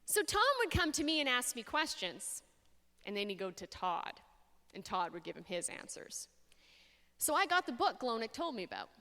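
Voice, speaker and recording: Woman telling a faith story in a hall. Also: a little high. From Canada. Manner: expressive storyteller, dramatic pauses. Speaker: speaker. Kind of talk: faith talk to an audience. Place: large hall. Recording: long hall reverb.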